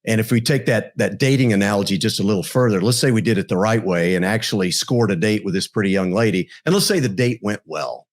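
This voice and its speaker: A man's voice: fairly low pitch, lively intonation, fast talker, hardly any pauses. A man guest on a podcast, a business coach telling wry, folksy stories to make his point. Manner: storytelling, wry, folksy analogies. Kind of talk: conversational podcast interview.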